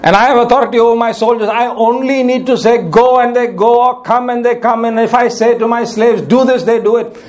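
A man's voice: very high-pitched, fairly even intonation, a little fast, hardly any pauses, a little mellow, voice pushed up. A male preacher voicing a humble, pleading Roman officer in a retold scripture story.

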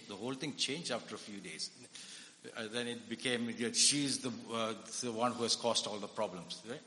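A man from India, both preacher and psychiatrist, delivers a chatty sermon in an echoey hall, frequently questioning his listeners. He speaks at a moderate pace, medium in pitch, with a bright, forceful tone.

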